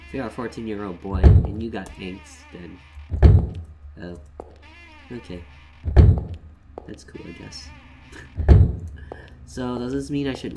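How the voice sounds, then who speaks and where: A man giving casual, joking game commentary, swinging between mumbles and loud outbursts. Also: lowish voice, takes it slowly, pauses often, very noisy. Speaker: let's play gamer.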